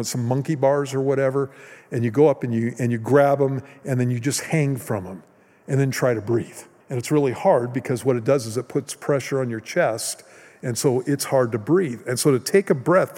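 A man pastor preaching a sermon in a conversational way, with restarts and rises in pitch and volume for emphasis. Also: dark tone. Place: church hall. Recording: long hall reverb.

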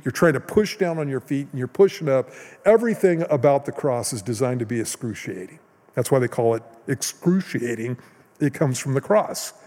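A man pastor preaching a sermon in a conversational way, with restarts and rises in pitch and volume for emphasis. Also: a little mellow. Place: church hall. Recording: long hall reverb.

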